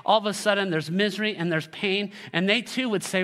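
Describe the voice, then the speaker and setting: Man, pastor, sermon, high-pitched, bright, animated, sarcastic asides. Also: fast, few pauses. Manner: reads scripture aloud, leads congregation.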